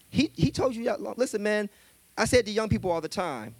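Male minister, high voice, punchy casual sermon delivery with repeated lines, dry close sound. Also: lively intonation, fairly quick, husky, no room sound. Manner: emphatic, colloquial, repeats key phrases.

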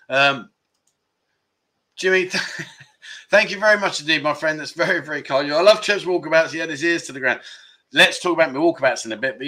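A man in his fifties with a bright, forceful voice pitched a little high, hosting a relaxed livestream. He talks candidly and chuckles often as he reads out comments from viewers. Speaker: livestream host. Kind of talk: casual live chat reading viewer comments.

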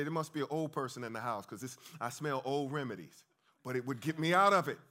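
High, bright-voiced male preacher. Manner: emphatic, calls out to the congregation. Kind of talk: lively sermon. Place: church hall with congregation.

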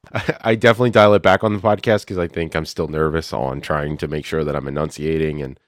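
A man co-hosting a podcast, chatting casually with dry, deadpan humor. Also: very deep voice, brisk, dry recording. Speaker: podcast co-host.

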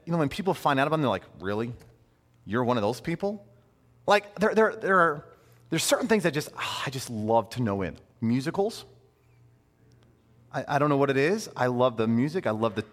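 A man in his thirties preaching a sermon in a conversational, animated way, with playful asides. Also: mid-range voice, long reverb tail. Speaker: pastor.

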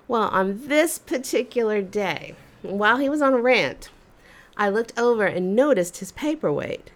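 Lively woman telling a personal story. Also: mid-range voice. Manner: animated, expressive storytelling. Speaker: storyteller host.

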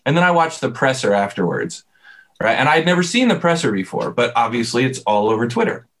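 A man's voice: mid-range voice, a little fast. A man in casual sports chat, animatedly retelling a game play by play. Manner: animated storyteller, replays moments play by play.

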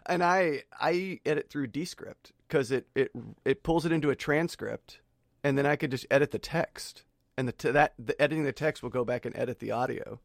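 A man's voice: medium pitch, brisk, gravelly, no echo, studio quality. A man hosting a podcast, chatting casually with profane, teasing banter. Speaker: podcast host.

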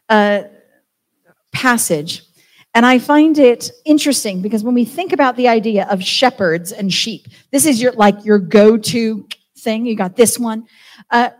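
Chatty British woman giving a sermon. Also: on the high side. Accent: British English. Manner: chatty, self-deprecating, animated. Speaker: church team member preaching. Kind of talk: informal sermon.

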